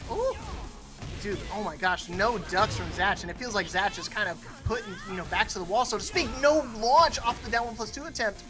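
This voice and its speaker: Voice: mid-range voice, expressive, a little fast, music in the background. A commentator giving casual, jokey play-by-play of a fighting game tournament. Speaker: esports commentator.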